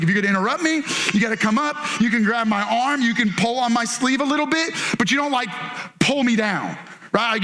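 High, bright-voiced animated pastor. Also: male voice. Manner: playful, animated storytelling with acted-out quotes. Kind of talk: sermon.

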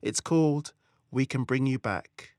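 Brisk male podcast host intro. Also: mid-range voice, a little mellow, slight background noise.

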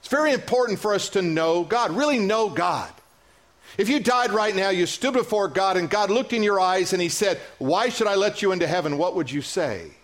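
A high-pitched male pastor preaching in a church, his delivery animated and playful. He acts out little dialogues and drops into quieter, earnest stretches. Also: normal speed. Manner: animated preaching, acting out voices, joking with the congregation. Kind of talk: sermon.

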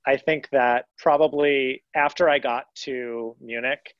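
A man's voice: medium pitch, fairly even intonation, unhurried, no echo. A young man speaks as an interview guest, earnest and a little rambling, often circling back to restart a thought. The recording sounds dull and lo-fi, with a dry, close feel and no room around it. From United States. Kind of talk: conversational interview.

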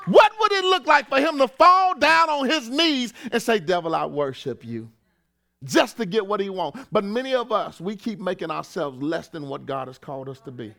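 A middle-aged man preaching a sermon as pastor, casual and conversational, sometimes rising to shouts. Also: high voice, expressive, normal speed, gravelly, hardly any pauses.

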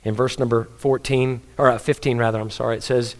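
Casting: male pastor, mid-pitched voice, earnest conversational sermon delivery, storytelling. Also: little pitch movement, a little fast.

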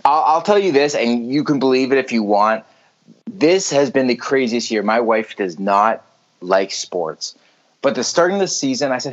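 A man co-hosting a casual sports chat, telling quick animated stories and swearing freely. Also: mid-range voice. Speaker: podcast co-host. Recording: dull lo-fi audio.

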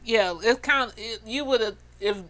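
A woman chats on a podcast in a bright, smooth voice. She tells stories with energy and acts out what other people said. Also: on the high side, moderate pace. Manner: animated storyteller, acts out other people's lines. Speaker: podcast co-host. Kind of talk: casual chat.

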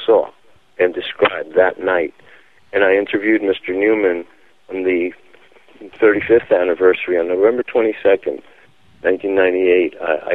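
A man's voice: sits low, dry recording. Man on a phone-in radio show, insistent storyteller, tinny phone sound. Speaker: radio interview guest. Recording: tinny phone line, dry.

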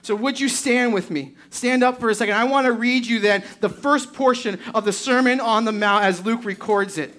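High-voiced woman preaching with emphasis. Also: normal speed, hardly any pauses, a bit bright. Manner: emphatic, with rhetorical questions to the congregation. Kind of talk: sermon. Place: church service before a congregation.

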